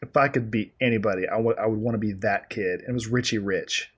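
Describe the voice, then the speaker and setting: A man co-hosting a podcast, chatting casually and telling animated, rambling stories full of fillers. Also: lowish voice, fast talker, slightly rough. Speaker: podcast co-host. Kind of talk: casual chat.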